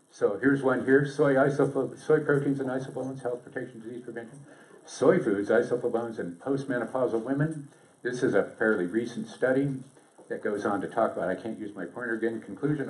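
A man giving a seminar presentation to an audience, lively and joking in a conversational way. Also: mid-range voice. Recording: echoey room, distant mic.

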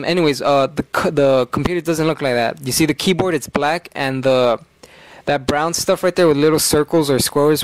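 A man's voice: fairly high pitch, no echo. A man talking casually over a game video, hyper and rambling, swearing freely. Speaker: gaming YouTuber. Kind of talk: game commentary.

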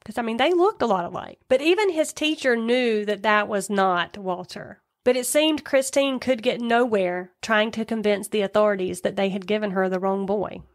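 A woman's voice: medium pitch, normal speed, hardly any pauses. A woman co-hosting a podcast, retelling a true-crime case in a chatty way with asides. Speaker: podcast co-host.

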